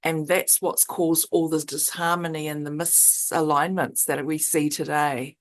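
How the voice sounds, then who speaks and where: Slow, low-voiced New woman. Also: little pitch movement. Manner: meandering, earnest, many restarts and fillers. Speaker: spiritual circle leader. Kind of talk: spiritual sharing in a circle.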